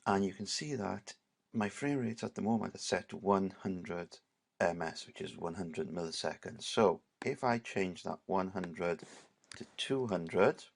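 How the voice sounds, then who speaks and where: Deep, gravelly male teacher. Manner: casual, repeats "right" and "obviously". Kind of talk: screen-recorded software tutorial.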